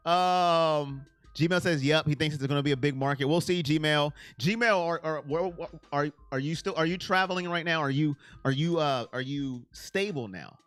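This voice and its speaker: A man hosting a casual live stream on sports, answering his viewers' chat by name in an animated, self-confessed emotional way. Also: a little high, moderate pace, hardly any pauses, no echo, soft background music.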